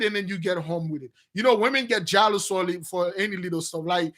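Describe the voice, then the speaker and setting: A man preaching in an animated, free-wheeling monologue. His voice sits high and bright, jumping from loud bursts to hushed mutters. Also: a little fast, hardly any pauses. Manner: animated, swings between loud outbursts and low mutters. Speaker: spiritual teacher.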